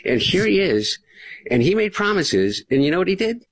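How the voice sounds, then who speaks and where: A man's voice: sits high, very animated, normal speed, husky. A man speaking as a pundit guest, giving earnest political commentary that builds in emphasis.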